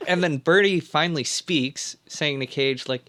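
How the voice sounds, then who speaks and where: A man's voice: on the high side, unhurried, bright, forceful tone. A man hosting a podcast, casually recapping a film plot in a rambling, laid-back way with plenty of fillers. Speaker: podcast host.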